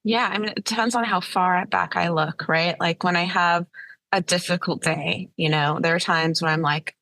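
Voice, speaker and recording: A woman's voice: on the low side, steady tone, normal speed, gravelly, a bit bright, dry recording. A woman guest on a recovery talk show, speaking candidly and reflectively.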